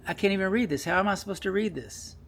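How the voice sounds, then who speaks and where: A man's voice: high-pitched, fast talker, slight background noise. A middle-aged man, a home inspector, talking his way through an electrical panel inspection, repeating points and coaxing himself along. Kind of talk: on-site inspection walkthrough.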